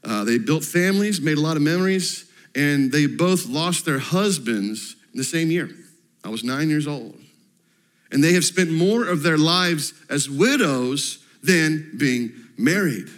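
A man in his thirties preaching a sermon to his church congregation. He talks in an easygoing, storytelling way with self-deprecating humor. His voice sits a touch high for a man. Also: fairly bright tone. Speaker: pastor.

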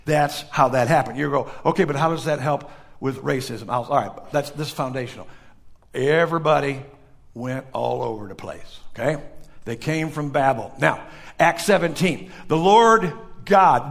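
A male pastor preaching to a congregation in a church, swinging from loud emphatic bursts to hushed, quiet passages. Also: medium pitch, normal speed, gravelly. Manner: animated preaching with sudden loud peaks and hushed drops. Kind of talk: sermon.

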